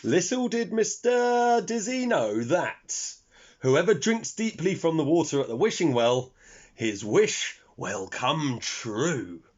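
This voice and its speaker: A man reading a children's story aloud, expressive and speaking to young listeners. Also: fairly high pitch, slow. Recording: dull lo-fi recording.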